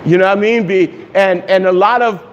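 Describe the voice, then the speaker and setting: Rambling pastor in a dull, echoey hall. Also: male voice, sits high. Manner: rambling, warm greetings, loose pauses and fillers. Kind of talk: casual online Bible study and prayer. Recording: dull hall echo with faint hiss.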